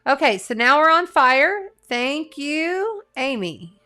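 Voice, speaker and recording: A woman's voice: high voice, very animated, slow pace, sharp tone. A middle-aged woman, an astrologer and tarot reader, chatting casually on a live stream, earnest and talkative with lots of fillers and restarts. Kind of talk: casual live-stream chat reading viewer comments.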